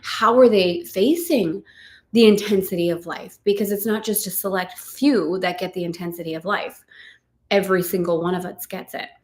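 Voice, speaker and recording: A middle-aged woman hosting a casual spiritual live chat, repeating gentle affirmations and laughing often. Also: mid-range voice, fairly even intonation, normal speed, echoey room. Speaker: host.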